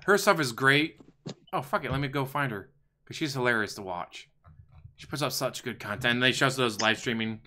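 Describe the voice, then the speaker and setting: Male stream host, bright crisp voice, sarcastic and crude, casual commentary. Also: medium pitch, brisk. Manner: profane, sarcastic, mocking.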